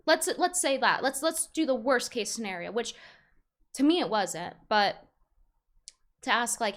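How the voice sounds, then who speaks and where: A woman's voice: high-pitched, expressive, moderate pace, fairly bright tone. A young woman streamer rambling in frustration about a falling-out, with many restarts and fillers. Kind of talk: casual stream commentary.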